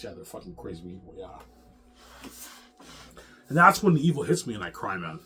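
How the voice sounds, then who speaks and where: Guy with a lowish voice ranting to camera, swearing a lot, keeps repeating himself. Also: very animated, fairly quick, pauses often, bright, forceful tone. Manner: agitated, profane, repeats words. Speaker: vlogger. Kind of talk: rambling monologue to the camera.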